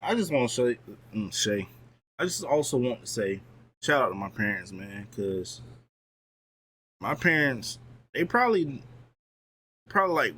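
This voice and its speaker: A man's voice: lowish voice, fairly bright tone, a little hiss or hum. A young man streaming, talking earnestly and from the heart in a casual motivational chat, full of "like" and "bro".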